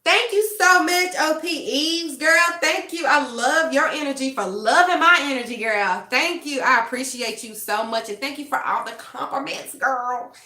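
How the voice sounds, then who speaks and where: A young adult woman hosting a casual tarot livestream, animated and laughing often as she talks straight to her chat. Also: sits high, moderate pace, hardly any pauses, echoey room. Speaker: tarot reader and livestream host.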